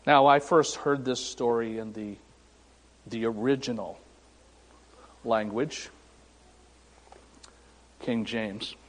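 A man preaching a sermon as pastor, slow and deliberate with dramatic pauses and wry, self-deprecating humor. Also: medium pitch, fairly even intonation. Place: church sanctuary. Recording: echoey sanctuary reverb.

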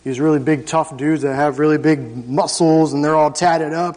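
A man's voice: fairly high pitch, steady tone, moderate pace, darkish tone. A man in his thirties telling his personal testimony to a church congregation, in an emphatic, conversational storytelling way. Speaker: church member giving testimony. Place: church service. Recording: reverberant church hall.

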